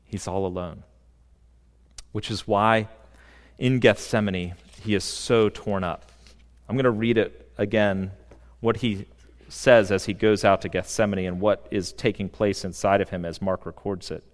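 A pastor with a fairly low voice preaches earnestly in a church sanctuary, keeping his intonation fairly even while stressing key words and letting dramatic pauses hang. A long, reverberant hall tail follows his words.

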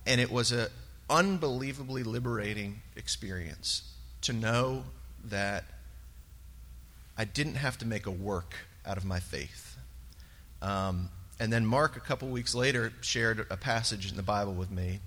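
A man sharing a personal testimony in church, earnest and halting, with many pauses and fillers. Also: fairly low pitch, a bit bright. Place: church sanctuary. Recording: long reverb of a large hall.

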